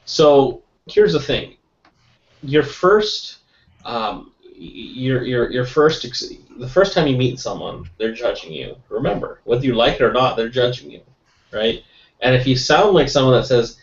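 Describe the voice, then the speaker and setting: A man giving a casual motivational sales talk, lively and often tagging on "right?". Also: medium pitch, normal speed. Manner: lively, keeps adding "right?", laughs often. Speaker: guest sales trainer. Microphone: webinar call mic. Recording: roomy, distant, dull call audio.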